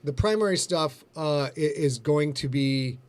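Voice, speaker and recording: A man's voice: on the high side, a little slow. A man hosting a casual livestream chat, rambling and joking, a bit giddy and loopy. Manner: rambling, jokey, breaks into silly put-on voices. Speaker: host.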